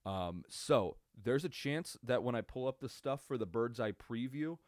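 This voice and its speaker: At home at his computer, a young man hosts a casual solo sports podcast captured with a webcam, the audio clean like a studio with no room sound. His mid-range voice is a little mellow, with lively intonation and a moderate pace. He rambles, swears, and restarts often amid plenty of fillers.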